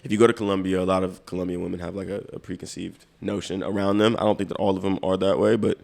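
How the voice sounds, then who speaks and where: A man co-hosting a podcast in loose, relaxed casual chat, often repeating words as he starts a thought. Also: deep voice, fast, gravelly. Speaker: podcast co-host.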